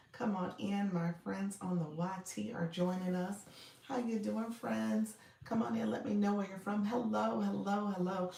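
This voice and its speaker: A woman hosting a casual livestream from her home, chatting in a soft, low voice and greeting viewers by name. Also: gravelly. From Florida. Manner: talks softly and low, near a whisper. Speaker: livestream host and coach. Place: home room. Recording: echoey room, distant mic.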